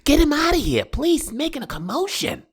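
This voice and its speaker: A man's voice: extremely high pitch, huge pitch swings, fairly quick, pitched above the performer's own voice, exaggerated voice. A man voicing a flustered middle-aged woman doing nails, who pleads anxiously. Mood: pleading.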